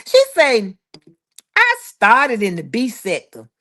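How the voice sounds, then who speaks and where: A woman hosting a casual live stream, reading out viewer comments one after another. Her voice sits a little high, and she calls her listeners honey, child and boo as she talks. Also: wildly swooping pitch, slow pace, bright, forceful tone. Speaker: livestream host.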